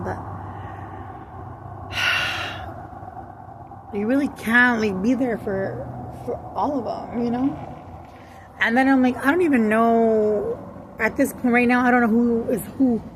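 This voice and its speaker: A woman's voice: fairly high pitch, noisy background. A woman venting bluntly in a casual monologue, cursing and switching into Spanish. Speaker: vlogger.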